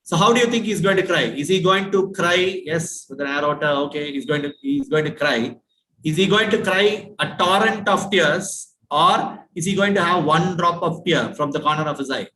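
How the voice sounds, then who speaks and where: A man's voice: a little high, normal speed, sharp tone. Indian male dental lecturer, echoey room. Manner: questioning, repeats points, asks students. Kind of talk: classroom lecture.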